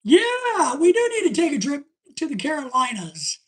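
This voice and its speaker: A woman's voice: high-pitched, wildly swooping pitch, brisk. A woman hosting a live stream in casual chat, rambling and chatty as she reads viewer comments aloud.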